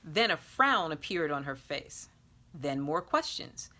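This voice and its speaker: A woman reading an erotic story aloud in a slow, sultry narration that sometimes drops to a whisper. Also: low voice, big pitch swings, pushed and bright. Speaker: erotica reader. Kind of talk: scripted narration.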